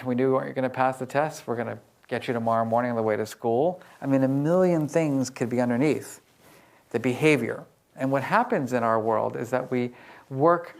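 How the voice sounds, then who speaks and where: A man giving a storytelling talk to a live audience about emotional intelligence, lively and acting out quoted dialogue. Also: mid-range voice. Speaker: emotional intelligence researcher and speaker.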